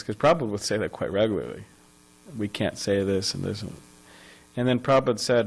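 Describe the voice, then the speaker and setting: A man's voice: mid-range voice, fairly quick, low-quality recording. A man giving a scripture class in a temple ashram, talking in a loose, conversational way with chuckles and asides.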